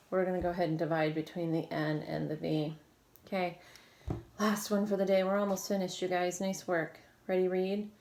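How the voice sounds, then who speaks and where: A woman teaching a recorded phonics lesson to children, giving clear prompts and praising often. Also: on the low side, a little hiss or hum. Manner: encouraging, clear teacher prompts to young readers. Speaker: reading teacher.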